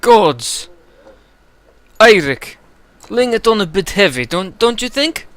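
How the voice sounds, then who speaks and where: A man's voice: sits high, big pitch swings, takes it slowly, a bit bright, no room sound, pitched above the performer's own voice, exaggerated voice. A man voicing a nervous male market trader who stammers and whines. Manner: stammering, whiny.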